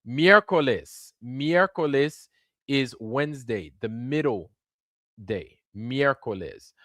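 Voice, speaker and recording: Man, rambling casual stream talk, mid pitch, dry close mic. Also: lively intonation, slow, fairly bright tone, dry recording. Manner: rambling, repeats words, addresses viewers with "right?". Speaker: livestream host. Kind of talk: casual livestream monologue.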